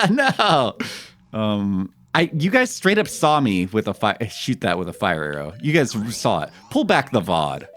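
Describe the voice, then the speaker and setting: A man's voice: fairly low pitch, normal speed, hardly any pauses, slight background noise. A man streaming a video game live, chatting to viewers and joking about his own mistakes. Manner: animated, talks to chat and jokes about his fails. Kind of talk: live gameplay commentary.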